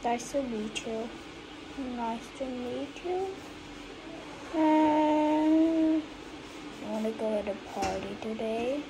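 A woman with a high voice acts out a family pretend play, shifting from hushed whispers to excited calls. She speaks slowly and without hurry. Steady room noise sits clearly under the voice. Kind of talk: family pretend play acting out several characters.

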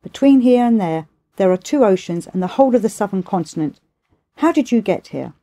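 Woman doing a stern old immortal teacher, gruff and lofty, mellow low tone. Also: lively intonation, a little fast, lightly acted. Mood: questioning.

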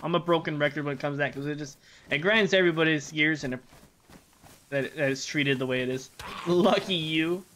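A man's voice: a little high, a little fast, fairly bright tone, a little hiss or hum. A man from the United States, a game streamer chatting casually with his live chat while he plays, joking and rambling.

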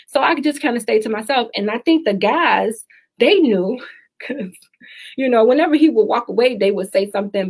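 A woman with a husky, breathy voice hosts a live call-in style radio talk. She speaks frankly and emphatically, often repeating a point twice to drive it home. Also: mid-range voice. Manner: candid, emphatic, repeats advice for stress. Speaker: talk show host.

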